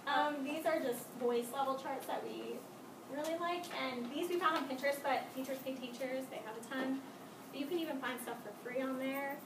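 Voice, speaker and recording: A woman's voice: sits high, fairly even intonation, normal speed. A young woman giving a class presentation in a casual, chatty way. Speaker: student presenter. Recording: echoey room, mic far off, noisy.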